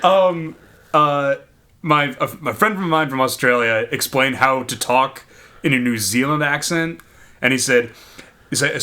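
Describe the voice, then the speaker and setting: Bright-voiced joking male podcaster. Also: mid-range voice, a little slow. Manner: joking, loose and profane. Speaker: podcast co-host. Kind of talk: casual chat.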